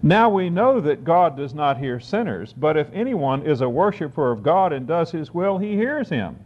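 A man giving a sermon, reading scripture aloud and explaining it, slowing down to stress key phrases. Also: a little high, very animated. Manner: deliberate, slows for emphasis on key phrases. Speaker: preacher. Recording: dull lo-fi recording.

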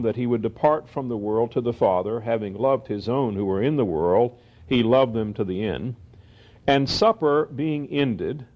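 A man teaching the Bible verse by verse, reading scripture slowly and then explaining it in quick asides. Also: mid-range voice. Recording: dull lo-fi recording.

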